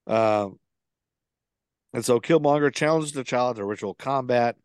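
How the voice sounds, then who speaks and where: A man's voice: medium pitch, measured pace, clean tone, no echo, studio quality. A man co-hosting a podcast, casually recapping a film plot with lots of fillers and restarts. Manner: rambling, with many fillers and restarts. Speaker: podcast co-host.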